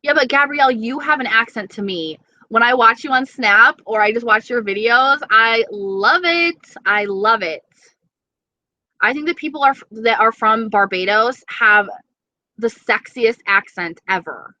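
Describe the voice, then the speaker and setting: Young female streamer, gushing casual chat, bright tone, dry dull webcam audio. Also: fairly high pitch, lively intonation, a little slow, no echo. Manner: chatty, gushing, dramatic. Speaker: vlogger chatting with live viewers.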